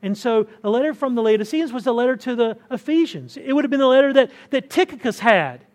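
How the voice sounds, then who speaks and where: With an extremely high pitch and lively intonation, a pastor talks fast through a conversational sermon in a church hall. He restarts words often, stressing his points to the congregation with rising emphasis.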